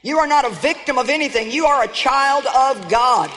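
High-voiced woman preaching in a hall. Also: expressive, normal speed, noisy background. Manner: emphatic, conversational preaching with rising exclamations. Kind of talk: sermon.

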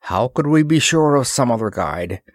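A man's voice: mid-range voice, expressive, normal speed, dry recording, studio quality, voice pushed up, close to an everyday voice. A man voicing an easygoing, joking adventurer sidekick. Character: wry adult male sidekick adventurer.

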